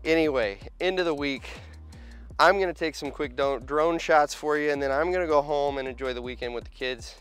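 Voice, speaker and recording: A man's voice: fairly high pitch, a little fast, a bit bright, smooth, soft background music. Worn-out male equipment operator, casual and wisecracking, self-recorded outdoors on a handheld camera. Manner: chatty, joking, self-deprecating. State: tired after a long hot week. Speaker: heavy equipment operator and vlogger. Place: outdoor construction site.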